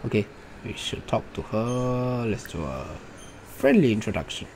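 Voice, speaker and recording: A man's voice: mid-range voice, sing-song, measured pace, darkish tone. A man giving casual, playful commentary over his gameplay, chatting and cheering on the characters on screen. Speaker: let's play gamer. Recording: noisy home recording.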